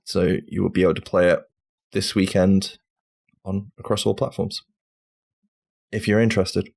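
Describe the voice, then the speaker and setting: A man's voice: low voice, steady tone, moderate pace, vocal fry, a little mellow. A man from the UK hosting a casual gaming podcast with friends, running the segments and swearing freely in the banter. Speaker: podcast host.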